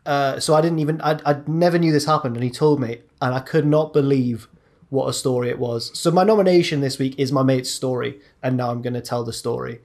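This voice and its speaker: A man's voice: medium pitch, fairly even intonation, a little fast, a little mellow. Young man telling a rambling story. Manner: rambling, chatty, drops into mate's voices. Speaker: podcast co-host. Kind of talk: casual storytelling.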